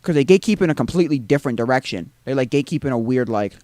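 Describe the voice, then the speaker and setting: A man talks through a live game stream, his voice dry and close with no room around it. He rambles, quizzes himself with little tag questions and slides into exasperated rants, his pitch swinging up and down all the while. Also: expressive, rapid-fire, a little mellow, no room sound. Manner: exasperated ranting. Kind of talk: live gameplay commentary.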